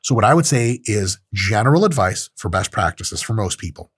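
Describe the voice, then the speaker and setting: A man's voice: fairly low pitch, moderate pace, slightly rough, dry recording, studio quality. A man giving a casual, profane, joking lecture on lifting technique, often acting out little scenes. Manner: profane, joking, animated, with acted-out asides. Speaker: strength training coach.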